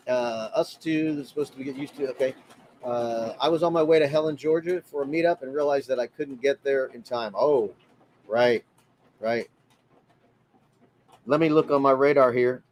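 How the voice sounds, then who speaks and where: A man's voice: mid-range voice, moderate pace, a little mellow. Chatty man hosting a livestream. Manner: friendly, chatty, greets viewers by name. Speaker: livestream host. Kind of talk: casual livestream chat reading comments.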